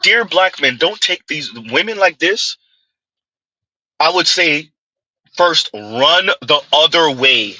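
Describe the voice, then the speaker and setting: A man's voice: fairly high pitch, animated, takes it slowly, long pauses, sharp tone, dry recording, highs cut off. A man giving a mocking opinion commentary, full of rhetorical asides and scornful dismissals. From United States.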